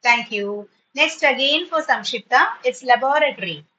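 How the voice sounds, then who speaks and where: Bright-voiced woman teacher. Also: high-pitched, moderate pace, muffled recording. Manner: patient, encouraging, praising often; switches into Tamil when explaining. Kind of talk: online spoken English class.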